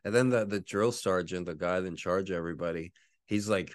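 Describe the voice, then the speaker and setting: A podcast host in his forties tells a rambling, profane story and laughs often. His speaking voice is very low. The sound is dry and close to the mic. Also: fairly quick, no echo. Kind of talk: casual storytelling.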